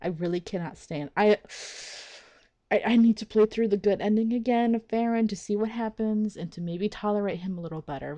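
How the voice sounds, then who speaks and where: A woman's voice: mid-range voice, warm tone. A woman hosting a let's play of a visual novel, giving casual, exasperated commentary with frequent swearing and laughter.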